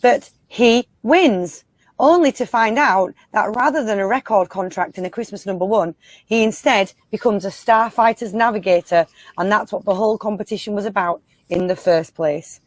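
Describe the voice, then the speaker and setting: A woman on a comedy panel telling a playful, lively comic story over a video call. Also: medium pitch, moderate pace, no echo. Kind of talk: casual comedic chat.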